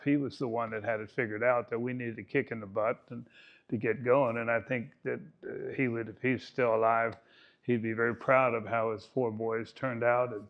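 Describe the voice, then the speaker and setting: A man's voice: mid-range voice, vocal fry, highs cut off. A man in his eighties giving a keynote talk as a golf coach, telling stories with folksy, self-mocking humor. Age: 80s.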